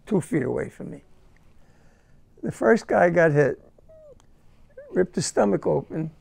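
Older man, veteran interviewee; high for a man, heavy gravel, emotional and halting. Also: a little mellow. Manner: halting, repeats words, emotional. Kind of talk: first-person war recollection.

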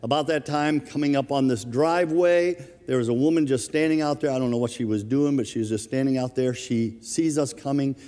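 A man preaching a sermon as minister of his church, telling a funny everyday story in a relaxed, conversational way. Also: medium pitch, brisk, hardly any pauses, in a large hall. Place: church sanctuary.

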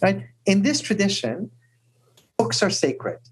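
Husky, animated man telling stories. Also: sits high, slow, poor audio. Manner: animated storyteller who often asks "right?". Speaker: guest speaker. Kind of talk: storytelling talk.

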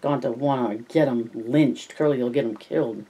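A man voicing an old ranch hand in a read-aloud story, with plain rough dialect speech. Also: mid-range voice, normal speed, dark tone, lightly acted. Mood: pleading.

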